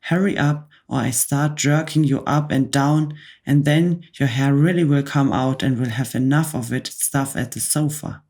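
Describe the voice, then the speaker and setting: A woman in a soft whispered role-play voicing a huge, furious female headmistress who barks scornful orders at children. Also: rumbling low, normal speed, few pauses. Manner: barking, scornful.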